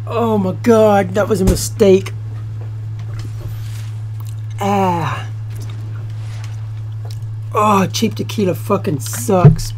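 Young woman, gamer, hushed gameplay commentary, profane excitable outbursts, dorm room, faint game noise behind. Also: mid-range voice, very slow, long pauses. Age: young adult. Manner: talking quietly. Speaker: gaming YouTuber.

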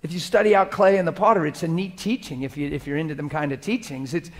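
High-voiced man preaching a passionate sermon. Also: fast. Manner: swings between loud urgent preaching and hushed intimate prayer.

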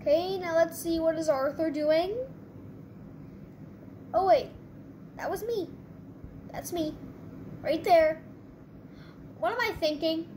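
Excitable channel host, female, very high pitch, reacting fast to gameplay. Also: slight background noise. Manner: excitable, quick reactions, bursts of laughter. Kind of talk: gameplay commentary.

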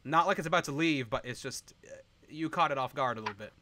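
A man's voice: mid-range voice, fast talker, bright, forceful tone, slight background noise. A man acting as dungeon master, easygoing and prompting the players with questions as he narrates the game.

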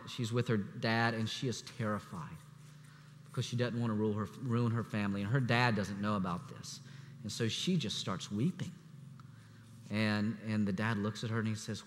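A man's voice: on the low side, a bit bright. Conversational male preacher in an echoey church. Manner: conversational, with frequent restarts and fillers. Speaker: assistant pastor. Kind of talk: sermon. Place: church sanctuary.

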